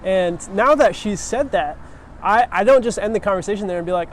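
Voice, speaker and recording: A man's voice: high voice, a little fast, slight background noise. A man giving a casual, earnest sermon, talking conversationally with frequent restarts.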